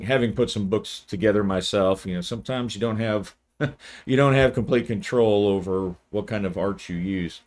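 A man, hosting his channel and giving a relaxed, rambling video review. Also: medium pitch. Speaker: channel host, game reviewer.

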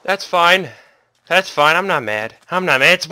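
A man with a very bright, edgy voice commenting on a game he is playing. His pitch jumps all over as he swings from low mutters to sudden shouts, with keyboard typing heard behind him. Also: lively intonation, measured pace, no echo. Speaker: gaming channel host. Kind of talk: casual let's play commentary.

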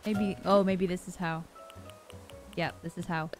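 A young woman giving chatty, excitable gameplay commentary as a gaming vlogger. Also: fairly low pitch, a little slow. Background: faint game music.

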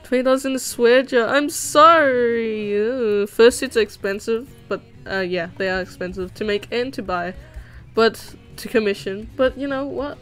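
Young woman streamer, chatty and giggly, higher voice, soft music behind. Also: normal speed, clear, resonant tone, poor audio. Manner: chatty, giggly, reads chat aloud, swears. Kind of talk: casual livestream chat while drawing. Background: background music.

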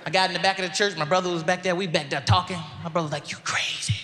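A male stand-up comedian telling an animated family story on stage into a stage microphone. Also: sits high, racing, background noise. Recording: echoey venue with loud crowd.

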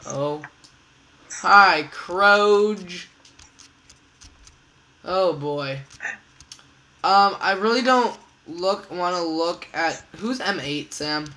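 Bright, excitable male gamer. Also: on the high side, slow pace, rough recording. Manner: excitable, repeats catchphrases in a singsong. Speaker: gamer host. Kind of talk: casual gaming commentary.

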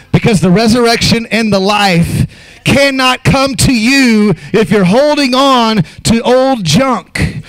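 A man preaching an Easter sermon as pastor, emphatic, with acted asides and sudden shouts. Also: extremely high pitch.

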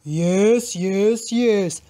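A woman reading aloud and voicing a calm, polite male brontosaurus with a slow, rumbling manner. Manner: slow, measured, courteous.

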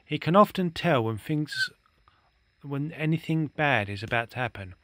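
A man's voice: a little high, very animated, normal speed, background noise, voice pushed up. A man voicing a polite, hesitant young male rabbit in a storybook reading, speaking respectfully and earnestly.

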